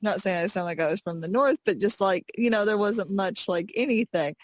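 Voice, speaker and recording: A woman's voice: mid-range voice, moderate pace, few pauses, dry recording. A woman from the South with a Southern American accent, co-hosting a podcast in easygoing, laughing banter. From Southern United States. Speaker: podcast co-host. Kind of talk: casual chat.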